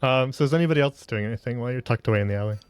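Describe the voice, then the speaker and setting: A man narrating as game master of a tabletop game, laid-back and quick to laugh. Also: clear, resonant tone, no echo, clean studio sound. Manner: laid-back, laughing often, lively pitch.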